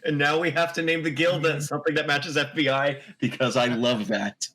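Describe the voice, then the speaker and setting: A man's voice: fairly high pitch, steady tone, fairly quick, bright, forceful tone. A man playing a tabletop game online, playful and teasing the others. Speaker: player. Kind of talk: casual tabletop play.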